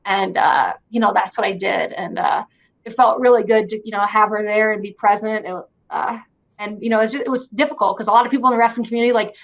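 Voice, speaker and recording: Casting note: young adult woman, interview guest, soft and halting, lots of "like" and "you know". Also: medium pitch, creaky, muffled recording. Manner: soft-spoken, heavy use of fillers like "like" and "you know". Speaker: guest wrestler. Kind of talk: emotional interview conversation.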